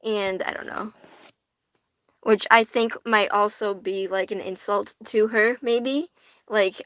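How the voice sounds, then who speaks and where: A young American woman hosts a casual tarot livestream, reading viewer comments, chatting, swearing freely, and laughing often. Her mid-range voice is animated and a bit bright, her pace slow, and there is no echo.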